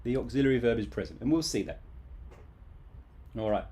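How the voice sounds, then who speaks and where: A man's voice: mid-range voice, a little fast, dark tone. A man teaching English grammar in a casual, playful live online class.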